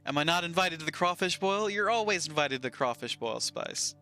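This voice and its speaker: A man's voice: on the high side, lively intonation, a little fast, bright, forceful tone, soft background music. A man with a Southern US accent streaming a game, reading chat aloud and bantering playfully.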